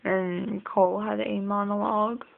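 A woman's voice: medium pitch, level tone, a little slow, gravelly, narrow, tinny audio. A young woman rambling casually in a video diary, chatty and full of ums. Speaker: vlogger.

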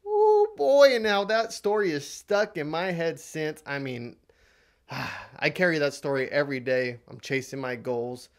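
A man vlogger tells a motivational story with animated, dramatic delivery. His voice sits at a mid male pitch. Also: unhurried.

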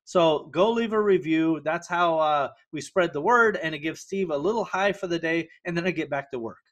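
Jokey podcast host, fairly high male voice. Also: normal speed, fairly bright tone. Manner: jokey, self-deprecating, breezy. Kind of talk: casual interview.

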